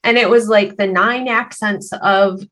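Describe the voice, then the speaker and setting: Woman from Michigan, nasal Upper Midwest accent, relaxed podcast guest, chatty. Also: mid-range voice, measured pace, slight background noise. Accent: Upper Midwest American (Michigan). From Michigan, USA. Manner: chatty, laughs easily, trails off mid-sentence. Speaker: guest mortician. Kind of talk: casual podcast chat.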